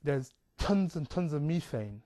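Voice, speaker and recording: A man's voice: fairly high pitch, expressive, unhurried, mellow. Rambling chatty man. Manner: chatty, digressive, many fillers. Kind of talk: rambling casual monologue.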